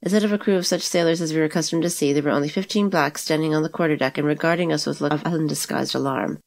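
A woman reads a classic adventure novel aloud as the narrator. Her voice is low and she moves through the text at a quick, steady pace. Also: gravelly. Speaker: audiobook narrator.

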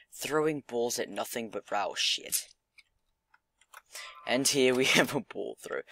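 A man's voice: fairly low pitch, gravelly, fairly bright tone, no echo. A young man giving casual gameplay commentary, muttering, swearing and mocking himself. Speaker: gaming commentator.

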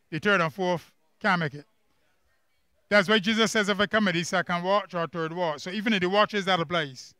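Barbadian male Bible teacher, high crisp voice, drills the class with questions, dry close sound. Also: bright, forceful tone, no room sound. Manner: quizzes the class with quick questions and emphatic repeats. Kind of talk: church camp workbook lesson. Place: camp classroom.

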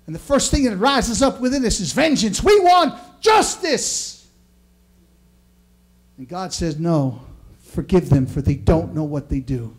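Pastor, male, New York accent, very high voice, fervent sermon with loud shouts and hushed drops. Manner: swings between loud shouting peaks and low quiet asides.

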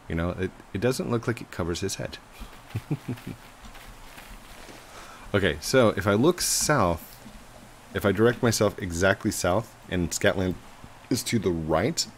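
A man in his thirties talks through his gameplay in a casual, rambling way. His voice sits low but swings widely in pitch, and he often laughs or jumps up into excited yells. A faint background noise runs under the recording. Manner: chatty and animated, laughs often, bursts into high excited yells. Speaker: gaming YouTuber.

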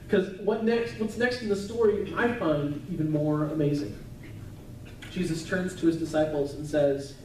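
Male pastor, chatty sermon delivery, warm low-bright tone, roomy distant church sound. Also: a little hiss or hum. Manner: conversational, chatty preaching with asides. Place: church sanctuary. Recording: echoey church hall, mic at a distance.

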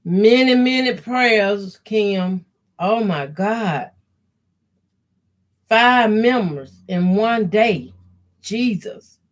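A middle-aged woman, hosting a casual quilting live stream, reading viewer comments and praying aloud with deep feeling. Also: animated, drawn-out words, long pauses. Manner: heartfelt, prays aloud with deep emotion. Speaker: quilting channel host.

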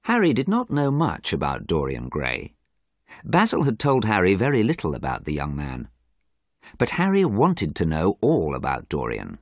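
A man narrates a graded-reader story at an even, careful pace. His voice sits low but moves a lot in pitch, with a slightly husky edge. The sound is close and dry. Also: moderate pace, no echo. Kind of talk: scripted audiobook narration for learners.

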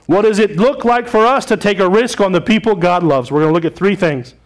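A man's voice: high-pitched, a little fast. A man preaching a sermon as pastor of his church, talking in a conversational way and putting questions to the congregation.

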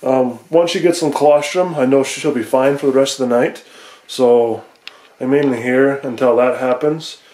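A man's voice: mid-range voice, warm tone, roomy sound. A young man vlogging from his phone in a small shed at night, talking casually with lots of fillers and rambling. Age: young adult. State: out of breath. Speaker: vlogger farmer. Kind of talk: casual vlog narration. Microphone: phone camera.

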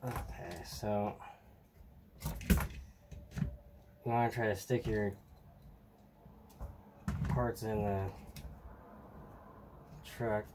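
A man's voice: on the low side, very slow, long pauses. A tired man giving a casual hands-on tutorial at a workbench, rambling and trailing off as he talks to himself while working. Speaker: hobbyist showing a model truck build. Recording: clear steady background noise.

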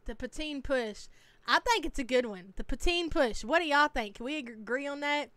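A woman's voice: high voice, animated, moderate pace, bright, forceful tone, no echo. A woman hosting a casual live-stream reaction, chatty and teasing as she reads chat names aloud.

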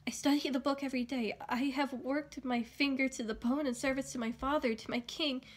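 A woman's voice: high-pitched, fairly even intonation, fairly quick. A woman voicing a stammering, frightened young girl. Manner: stammering, choked, pleading.

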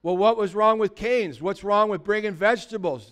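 A man's voice: high-pitched, normal speed, fairly bright tone, smooth. A male pastor preaching a sermon in a conversational way, asking the congregation many rhetorical questions.

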